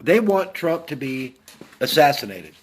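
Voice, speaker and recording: Middle-aged american guy, navy vet, ranting hard, slightly high voice, keeps repeating himself. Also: big pitch swings, measured pace. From United States. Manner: heated, blunt, repeats his points. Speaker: Navy veteran vlogger. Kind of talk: angry political rant.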